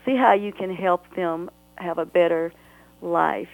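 A woman's voice: on the low side, fairly even intonation, a little slow, gravelly, no room sound, phone-quality sound. A woman author talking earnestly and emotionally as a guest on a radio interview, rambling at times.

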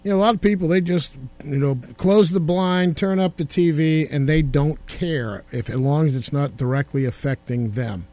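A man's voice: a little high, normal speed, hardly any pauses, mellow, dry recording. A man hosting a radio interview, folksy and encouraging as he talks to his guest and listeners. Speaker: radio host.

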